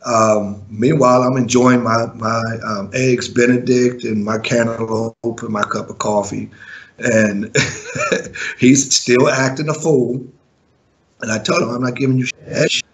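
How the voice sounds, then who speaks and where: A man's voice: mid-range voice, steady tone, measured pace, muffled recording. A man and former music manager telling a story in an interview, blunt and profane, chuckling now and then.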